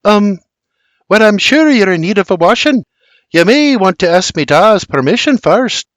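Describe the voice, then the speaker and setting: A man voicing a bashful young colonial woman who speaks softly and breathily. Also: sits high, sing-song, moderate pace, no echo, pitched above the performer's own voice. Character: shy, sweet young colonial woman who loves singing.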